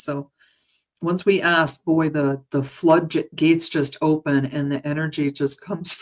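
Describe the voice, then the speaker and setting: A woman meditation guide chatting gently and earnestly as she introduces a guided healing meditation, with frequent restarts and soft laughs. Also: low-pitched. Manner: emotional, earnest.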